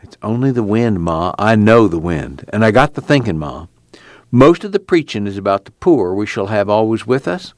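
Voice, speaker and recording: A man's voice: on the low side, sing-song, normal speed, no room sound. A man voicing an earnest young fugitive farm man in an audiobook, with plainspoken rural dialect. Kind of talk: audiobook character reading.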